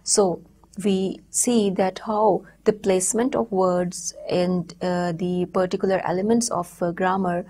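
A woman giving a recorded university lecture, explaining step by step in a measured way with frequent pauses. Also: on the low side, steady tone, warm tone.

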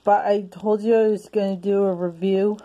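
A woman's voice: mid-range voice, steady tone, normal speed, warm tone, muffled recording. A woman reviewing a movie in a casual home video, talking hesitantly with many restarts and sounding out of breath.

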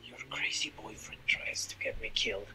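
An actor playing a weary young man in a drama series, speaking quietly and tensely. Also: medium pitch, normal speed, whispered, rough recording. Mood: hushed. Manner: quiet, hushed.

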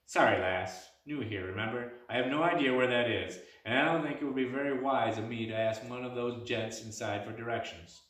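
A man's voice: medium pitch, fairly quick, few pauses, a bit bright, natural voice. A man voicing a roguish young man who talks in a cheeky, flippant way. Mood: wry. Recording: echoey room, mic at a distance.

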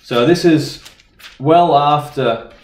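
A man with an Australian accent preaching a sermon, reading scripture aloud and explaining it with halting restarts and repeated words. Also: on the high side, reverberant. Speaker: pastor. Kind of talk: sermon Bible study.

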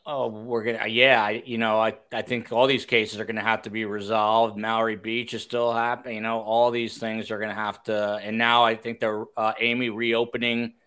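Bright clear-voiced man hosting. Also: fairly low pitch, little pitch movement, moderate pace, hardly any pauses. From New Jersey. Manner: chatty, self-deprecating, reads questions aloud. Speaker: podcast host. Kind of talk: casual chat, reading listener questions.

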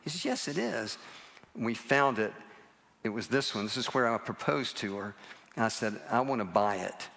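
A man's voice: on the low side, moderate pace, fairly bright tone. Older man telling stories from the pulpit. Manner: self-deprecating, chatty storyteller. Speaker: guest preacher. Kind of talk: humorous sermon storytelling. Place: church sanctuary, live service.

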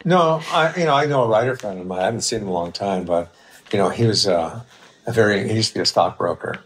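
A man's voice: fairly low pitch, quick pace. An older man, a guest comedian, telling anecdotes in a podcast interview over a video call, with many fillers.

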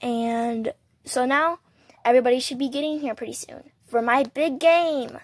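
A woman voicing an eager little girl doll who plays soccer, boastful and excited. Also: high voice, moderate pace, dry recording.

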